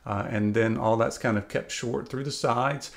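A man's voice: medium pitch, normal speed, vocal fry. A man hosting his own beard channel, talking casually and chattily with lots of fillers as he gives beard advice. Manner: relaxed and chatty, frequent "uh" and "kinda". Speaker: YouTube beard channel host. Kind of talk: casual video commentary.

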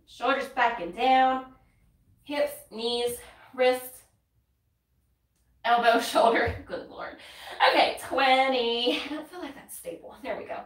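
A woman with a North Carolina accent talks through her workout in an unhurried way, counting reps and sighing between sets. She sounds slightly out of breath and her voice sits a bit high. The mic is some distance away in a roomy space. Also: fairly even intonation. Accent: Southern US, North Carolina. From North Carolina, USA. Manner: chatty, counts reps aloud, laughs and sighs between moves. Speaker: fitness content creator. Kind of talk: casual workout instruction while exercising.

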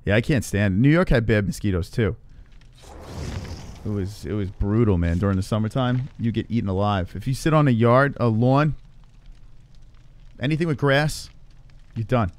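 A man's voice: lowish voice, normal speed, long pauses, darkish tone, no room sound. A man streaming a horror game live from his home computer, cursing often, startling easily and mocking his own play. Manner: swears a lot, jumpy, self-mocking. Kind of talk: live gameplay commentary. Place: home room with gaming computer.

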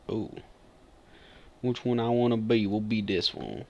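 A man giving relaxed gameplay commentary, often mumbling to himself. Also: on the low side, unhurried, creaky, muffled recording. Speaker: gamer.

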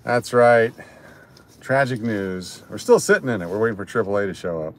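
A man's voice: lowish voice, lively intonation, normal speed, slight background noise. A man livestreaming from his parked car in a parking garage, chatting casually and greeting viewers by name between rambling remarks. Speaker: livestream host. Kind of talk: casual live chat with viewers.

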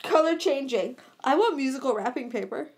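A woman's voice: sits high, animated, slightly rough. A young woman co-hosting a podcast, joking and laughing in casual chat. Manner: playful, laughs a lot, quick jokes. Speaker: podcast co-host.

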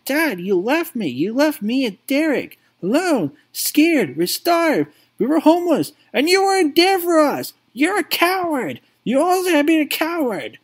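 A man doing a young son whose voice strains high and loud as he accuses and pleads. His tone rises and falls a lot, with some huskiness. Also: exaggerated voice. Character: young homeless son, anguished and defiant.

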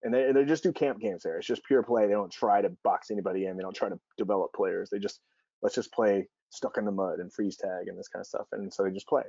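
A man's voice: on the low side, fairly even intonation, fast talker, creaky, mellow, slightly rough, dry recording. A man giving an earnest presentation on youth sports, telling personal stories and acting out dialogue. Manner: earnest, storytelling, acts out quoted dialogue. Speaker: speaker on youth sports and child development. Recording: dull, slightly lo-fi dry recording.

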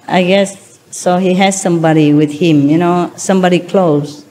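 A woman's voice: on the low side, fairly even intonation, normal speed, mellow, slight background noise. A woman teacher giving a spiritual lecture, retelling religious stories in simple non-native English and chuckling often.

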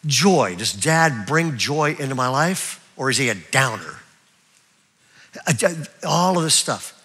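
An older man preaching a sermon as pastor, in a lively, chatty way that keeps checking in with his listeners. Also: medium pitch, a little slow. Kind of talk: live sermon. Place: church auditorium.

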